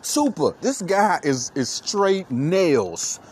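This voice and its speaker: Hosting a solo sports podcast, an excited Philly man hypes things up, repeats himself and keeps calling listeners "baby." His voice is high and sing-song yet slow, with a slight hiss or hum.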